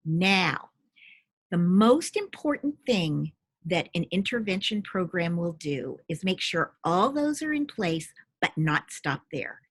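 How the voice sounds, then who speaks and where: A middle-aged woman with a husky, somewhat low voice explains reading instruction to parents. She talks patiently, with a lively, rising and falling pitch, and sounds out syllables and single sounds slowly. The recording is dry and close. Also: no room sound. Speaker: reading expert.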